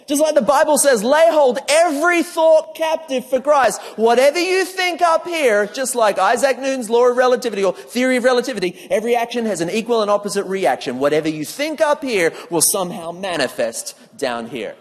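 A man's voice: extremely high pitch, brisk, few pauses. A man preaching a sermon that mixes scripture and neuroscience, telling stories with humor and acting out what people say. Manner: animated storyteller who acts out quotes with humor. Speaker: preacher and speaker. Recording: long hall reverb.

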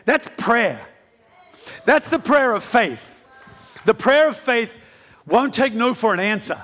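Male preacher, high voice, animated sermon, long hall reverb. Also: slow pace, pauses often. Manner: animated, repeating phrases, rising to shouts.

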